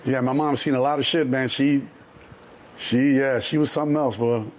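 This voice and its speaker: A middle-aged man from Chicago, a guest telling animated street stories, acting out the voices in the quotes and swearing freely. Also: mid-range voice, normal speed. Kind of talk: storytelling interview.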